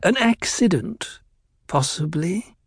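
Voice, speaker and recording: Man putting on a silky, nervous advisor, pitched higher, hesitant, dry audiobook drama. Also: lively intonation, takes it slowly, husky, no echo, heavily acted. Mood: deferential.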